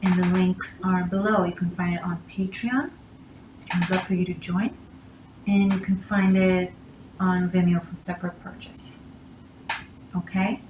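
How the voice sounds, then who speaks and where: A woman's voice: on the low side, flat delivery, unhurried, long pauses, roomy sound, noisy background. A woman giving a tarot reading and handing out blunt, emphatic advice. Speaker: tarot reader.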